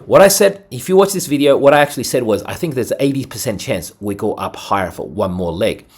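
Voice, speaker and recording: A man runs through crypto charts in a loose, excitable commentary, punching his points with "boom" and "right?". His voice has a husky edge and sits at an everyday middle pitch. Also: brisk. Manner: energetic, salesy, lots of "right?" and "boom". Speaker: crypto trading video host. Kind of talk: casual market commentary over charts.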